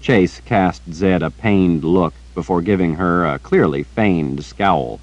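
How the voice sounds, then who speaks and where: A man narrating a fantasy audiobook in a steady storytelling manner. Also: low-pitched, slow, few pauses, dry recording, rough recording. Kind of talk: scripted narration.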